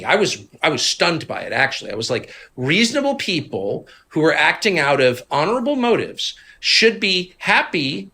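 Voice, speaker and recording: A man in his fifties, a guest in a conversational interview, who tells stories with animated, mocking impressions of other people. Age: 50s. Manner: animated storyteller, acts out others in high mocking voices. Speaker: interview guest, media figure.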